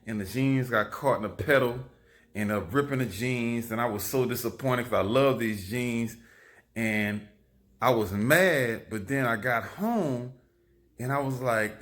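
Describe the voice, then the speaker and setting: A man, telling lively stories into his phone camera in a casual vlog. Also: mid-range voice, measured pace. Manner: animated, repetitive, lively storytelling. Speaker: vlogger.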